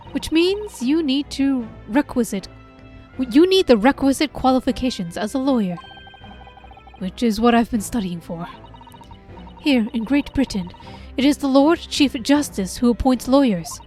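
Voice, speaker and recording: An earnest young woman assistant from a video game, read by a woman. She explains things patiently, with a high voice at an unhurried pace. Faint music sits underneath. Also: expressive, a little mellow.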